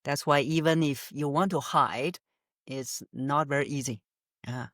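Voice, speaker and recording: A woman's voice: sits low, unhurried, dry recording. Woman voice coach, hesitant explainer, dry sound. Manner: frequent "uh" fillers, laughs lightly, demonstrates emphasis. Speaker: voice coach guest. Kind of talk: interview answers, explanatory.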